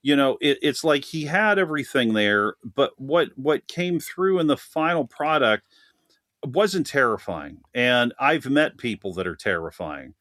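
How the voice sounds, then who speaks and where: A man's voice: mid-range voice, animated, a little slow, a bit bright, dry recording, studio quality. A man chatting animatedly as a guest on a film podcast, laughing often and talking at length. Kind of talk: casual podcast chat.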